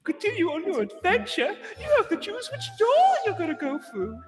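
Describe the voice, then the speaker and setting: An eager little cartoon ghost guide with a very high, sing-song voice that swoops wildly. The guide sounds like an announcer, chirpy and keen. Music plays behind the voice. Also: female voice, huge pitch swings, normal speed, full character voice.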